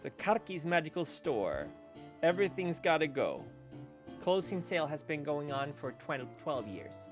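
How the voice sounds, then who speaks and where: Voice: mid-range voice, sing-song, moderate pace, hardly any pauses, music in the background. Playful game master. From Sweden. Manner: playful, laughs often, hesitant fillers. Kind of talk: narrating a tabletop game.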